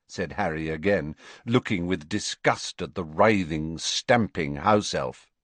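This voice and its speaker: A man narrating an audiobook in an unhurried, expressive storytelling manner. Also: extremely low pitch, dry recording. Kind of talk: scripted narration.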